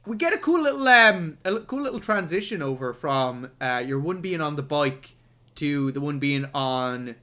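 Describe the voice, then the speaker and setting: A young man co-hosting a casual film review podcast, talking in an animated, playfully sarcastic way. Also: fairly high pitch, moderate pace, lo-fi sound. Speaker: podcast co-host, film critic.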